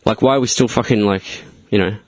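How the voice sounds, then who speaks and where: A man on a casual podcast, excitable and exasperated, calling himself the conspiracy guy. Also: lowish voice, fast talker, dry recording. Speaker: podcast co-host. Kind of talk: casual chat.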